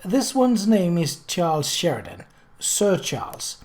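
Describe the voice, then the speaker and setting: A woman's voice: fairly low pitch, huge pitch swings, a little slow, darkish tone, pitched above the performer's own voice. A reader voicing a catty aristocratic lady. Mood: amused, catty. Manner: patronizing, silky. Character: haughty jealous aristocratic English lady. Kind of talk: audiobook character voice.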